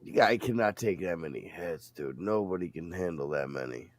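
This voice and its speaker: A man's voice: low voice, lively intonation, moderate pace. A man co-hosting a podcast, giving blunt, opinionated takes in casual chat. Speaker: podcast co-host.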